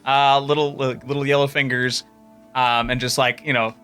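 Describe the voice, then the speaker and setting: A man running a tabletop game as game master, telling the scene with lively storytelling and frequent laughter. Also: mid-range voice, normal speed, clear, resonant tone, faint music behind.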